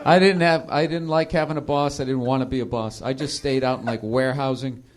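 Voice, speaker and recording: A man hosting a podcast, telling casual comedic stories in a profane way, laughing and slipping into animated impressions. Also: mid-range voice, a little fast. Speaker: podcast host.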